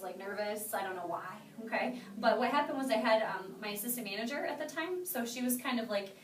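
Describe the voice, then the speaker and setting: A young woman leading a sales training class, upbeat and constantly quizzing her trainees with "okay?". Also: medium pitch. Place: training room with a group. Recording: echoey room, mic far off.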